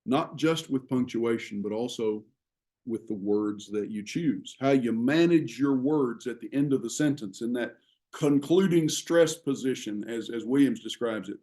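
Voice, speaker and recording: A man teaching a class on writing, explaining ideas in a measured way with frequent pauses. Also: mid-range voice, warm tone. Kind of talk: classroom lecture.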